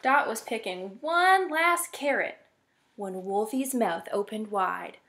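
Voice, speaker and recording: A woman librarian reading a children's picture book aloud in an expressive, playful way. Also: a little high, takes it slowly.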